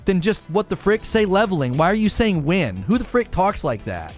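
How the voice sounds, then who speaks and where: A man's voice: high-pitched, very animated, normal speed, few pauses, soft background music. A man arguing and talking through a live stream, full of rhetorical questions.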